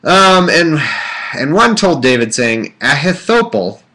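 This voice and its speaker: On a laid-back livestream, a man with a lowish, bright, forceful voice reads scripture expressively at a moderate pace. He keeps interrupting himself with irreverent jokes and meandering asides full of fillers and restarts.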